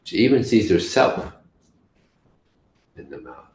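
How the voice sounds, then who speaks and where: A man teaching a scripture class, telling stories in a halting way with restarts. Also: fairly low pitch, big pitch swings, a little mellow. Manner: halting, with restarts and story voices. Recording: echoey room, faint hiss.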